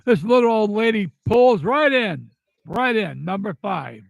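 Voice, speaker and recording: A man's voice: high voice, lively intonation, unhurried, creaky, no echo, lo-fi sound. An older man telling a personal story in a casual, angry and blunt way, swearing freely. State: upset. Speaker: vlogger telling personal stories.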